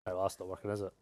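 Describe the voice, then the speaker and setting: A man with a low-pitched, dark voice hosts a live prize draw for a giveaway. He keeps the live-stream chat upbeat, chatty and jokey.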